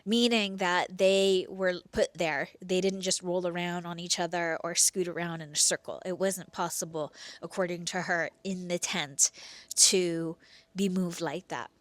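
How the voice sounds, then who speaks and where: A woman hosting and telling her own true story, expressive, dropping into hushed whispers and swinging between slow and quick delivery. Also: fairly low pitch, no echo. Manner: pace swings between slow drawn-out and rushed. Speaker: podcast host telling a personal story. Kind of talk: first-person storytelling.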